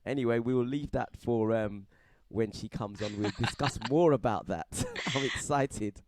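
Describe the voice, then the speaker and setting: A man's voice: medium pitch, normal speed, background noise. A man co-hosting a radio show who laughs easily and trades short banter replies. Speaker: radio co-host. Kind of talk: casual radio show chat.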